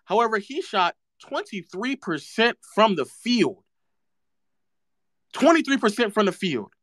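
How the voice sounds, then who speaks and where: A man's voice: high-pitched, sing-song, unhurried, fairly bright tone, dry recording, studio quality. A man streaming live, ranting about basketball in a sarcastic, mocking way and repeating phrases for effect.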